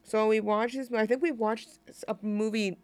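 A woman's voice: a little high, fairly even intonation, normal speed, darkish tone, no room sound. A young woman hosting a college radio show, chatting casually and rambling with lots of fillers. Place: radio studio.

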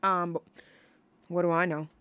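A woman's voice: on the low side, flat delivery, normal speed, a bit bright, smooth, no echo. A young woman hosting a college radio show, chatting on her own in a rambling, gushing way full of fillers and restarts. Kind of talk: casual solo radio chat.

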